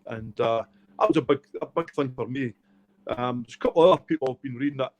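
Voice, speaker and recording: Talking fast in a mid-range voice, the middle-aged Scottish author opens up in a candid storytelling interview. He recounts his life stories with heartfelt emotion as the guest.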